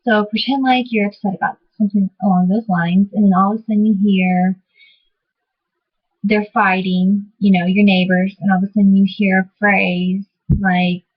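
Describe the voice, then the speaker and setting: A woman's voice: medium pitch, level tone, moderate pace, husky, muffled recording. A woman explaining spiritual practices to her viewers in a casual, rambling way, full of fillers and self-corrections. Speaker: vlogger teaching divination. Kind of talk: casual explanatory talk to camera.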